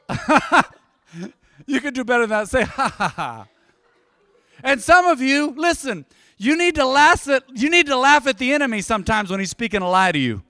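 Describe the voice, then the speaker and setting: A man's voice: extremely high pitch, bright, forceful tone, no echo. A man in his forties preaching a sermon, telling stories and calling out to the congregation to answer him. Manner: storytelling, calls out to the congregation. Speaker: pastor.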